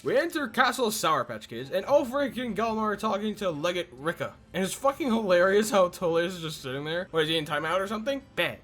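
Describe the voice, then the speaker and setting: Young male narrator, very animated, sarcastic and exasperated comic recap. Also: high voice, a little fast, few pauses. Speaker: video creator. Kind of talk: comedic game recap narration.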